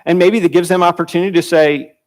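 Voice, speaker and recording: A man with a fairly high voice teaches a church Bible class. His delivery is loose and conversational, with repeated words and restarted phrases. He jumps up in pitch when he acts out quoted dialogue. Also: steady tone, fast talker.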